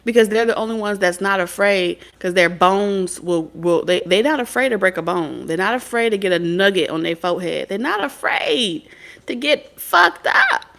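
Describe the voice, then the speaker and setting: A woman with a gravelly, fry-laden voice gives spiritual advice in a loose, preachy monologue. She talks bluntly, swears freely and drifts into streetwise stories. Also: mid-range voice, lively intonation, moderate pace, a bit bright. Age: adult mother of several children. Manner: blunt, profane, streetwise storytelling. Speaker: spirit medium and tarot reader.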